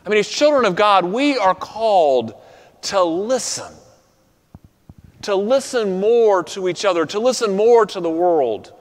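High-voiced pastor preaching in a reverberant hall. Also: male voice, lively intonation, unhurried. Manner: earnest, drops to soft quiet endings for emphasis. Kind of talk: sermon.

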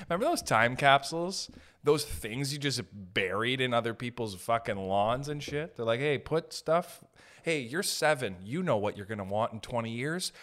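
A young man hosting a podcast, ranting in a rambling, profane, comic way and jumping into quick made-up voices. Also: mid-range voice, a bit bright. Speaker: podcast host. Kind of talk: solo comedic rant.

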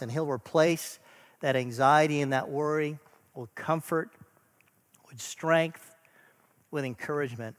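A middle-aged man preaching a sermon, earnest, building to emphatic lists and then dropping to a soft, quiet close. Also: a little high, a little slow, pauses often, long reverb tail. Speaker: pastor.

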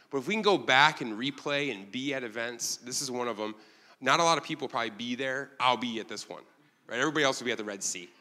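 Bright-voiced man preaching in a reverberant hall. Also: mid-range voice. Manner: conversational, animated, laughs at own lines. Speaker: pastor. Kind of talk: sermon.

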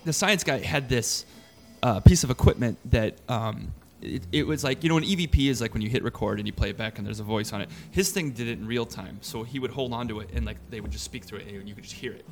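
A man's voice: mid-range voice, fast, few pauses, a little hiss or hum. A male comedian telling a rambling story in casual podcast chat, acting out what people said. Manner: rambling, acts out quotes of people. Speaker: guest comedian.

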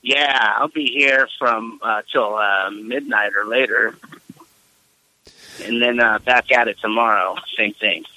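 A man calling into a podcast, telling animated, profane stories about his job. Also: fairly low pitch, slow pace, no echo, low-quality recording. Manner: animated storyteller, swears freely. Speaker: caller. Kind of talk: casual podcast chat.

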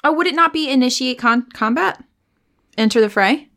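A woman playing a tabletop game, chatting casually and thinking out loud with a wry edge. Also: sits high, expressive, moderate pace.

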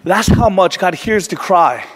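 A man's voice: high voice, animated, a little slow, husky. A man preaching a sermon as pastor, explaining earnestly and sometimes restarting his words. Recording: reverberant hall.

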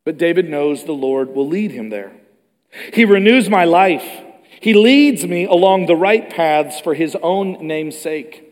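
A man preaching a sermon with animated delivery, moving between loud emphatic passages and hushed ones. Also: a little high, unhurried. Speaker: pastor. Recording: long reverb of a large hall.

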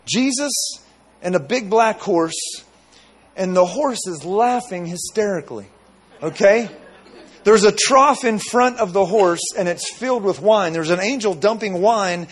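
High-voiced man preaching a sermon. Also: measured pace. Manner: storytelling with many asides and repeated phrases.

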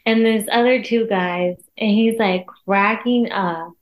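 A pregnant young woman chatting casually as a podcast guest, telling lively stories and laughing often. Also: mid-range voice, slow, dull audio. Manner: laughs often, animated storytelling with acted quotes. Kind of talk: casual chat.

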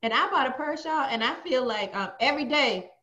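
A woman's voice: sits high, animated, fairly quick, pushed and bright, reverberant, highs cut off. A woman co-hosting a podcast, chatting casually and dropping wry, joking asides. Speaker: podcast co-host. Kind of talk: casual chat.

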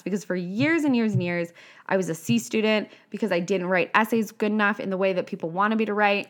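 A woman in a casual monologue as an author and coach, animated and profane, often slipping into playful quoted voices. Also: medium pitch. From half Italian.

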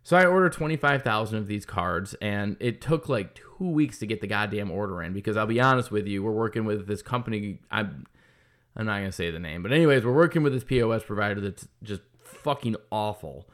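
A man's voice: fairly low pitch, lively intonation, fairly quick, fairly bright tone. A man who runs a business, telling a frustrated story in a casual, profane, heated monologue. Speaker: business owner opening a kart track.

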